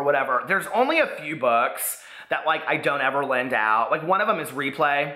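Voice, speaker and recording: Guy rambling about books on his vlog, animated, pokes fun at himself, roomy echo. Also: fairly high pitch, normal speed. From United States. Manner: chatty, animated, self-deprecating. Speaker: book vlogger. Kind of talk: casual chat. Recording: echoey room.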